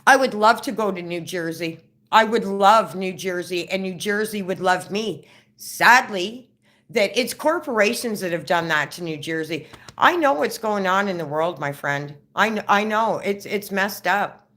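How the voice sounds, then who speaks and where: A woman's voice: mid-range voice, unhurried, fairly bright tone. A woman chatting casually on a live stream, reading viewer comments off her phone, rambling and stammering through restarts.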